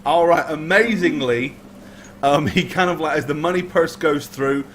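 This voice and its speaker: A man's voice: on the high side, normal speed, a bit bright, a little hiss or hum. A man running a tabletop game as game master, narrating playfully.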